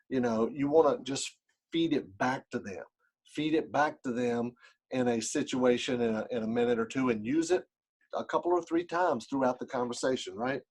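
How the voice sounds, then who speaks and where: Man, husky voice, mid pitch, casual teaching talk, checks in with "right?". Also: rough recording. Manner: conversational, often checks in with "right?" and "okay?"; demonstrates by acting out phone calls. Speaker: real estate investor teaching. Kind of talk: casual instructional talk to camera.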